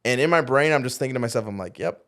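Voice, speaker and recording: A man who is a youth pastor, telling a personal story on a podcast in an animated way, acting out what others said and saying "like" often. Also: mid-range voice, racing. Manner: animated, acts out quoted dialogue, heavy use of "like". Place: podcast studio.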